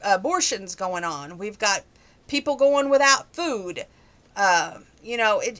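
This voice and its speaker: A woman's voice: mid-range voice, pushed and bright. A young woman answering viewer questions in a casual, opinionated chat that grows heated on some topics.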